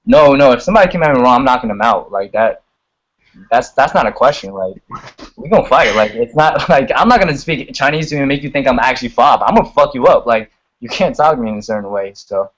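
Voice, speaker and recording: A man's voice: mid-range voice, animated, fast, a bit bright, poor audio. A young man chatting casually as a guest on a video call, full of "like" and "you know", swearing freely. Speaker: guest singer and rapper.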